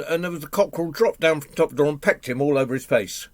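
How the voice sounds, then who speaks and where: A man telling a folk tale to families, animated, asking the audience questions and doing animal noises. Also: a little high, fast talker, few pauses, dry recording. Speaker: storyteller. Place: home, online session.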